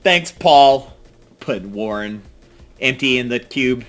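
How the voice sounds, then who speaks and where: A man's voice: mid-range voice, expressive, slow pace, a bit bright. A man giving casual, self-mocking commentary while playing a card game, dropping to mutters and jumping to outbursts. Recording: faint music behind.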